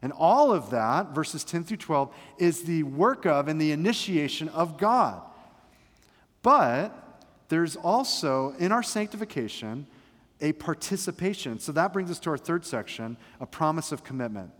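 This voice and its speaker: A man's voice: on the high side, animated, measured pace, fairly bright tone. A male pastor preaching a sermon, fervent and emphatic, with humorous asides. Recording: long reverb of a large hall.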